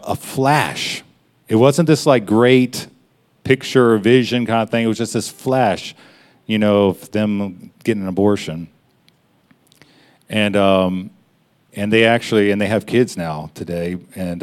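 Casual-sounding preacher, a man with a lowish voice. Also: a little mellow. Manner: conversational preaching, frequent laughs and asides. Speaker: pastor. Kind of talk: sermon.

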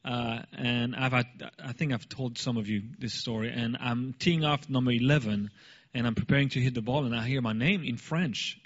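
A man casually telling a personal story in an animated way, laughing now and then. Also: mid-range voice, moderate pace, highs cut off. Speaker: speaker sharing a story.

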